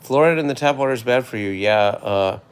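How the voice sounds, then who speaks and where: A man hosting a casual livestream, rambling and hesitant with many fillers, often trailing off quietly. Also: medium pitch, fairly quick, clean tone. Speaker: livestream host.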